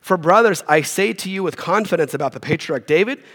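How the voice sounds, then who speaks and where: A man's voice: high-pitched, animated, a little fast, fairly bright tone. A man preaching as a guest pastor, reading scripture with casual, joking asides. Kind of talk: sermon. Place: church hall. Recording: long reverb of a church hall.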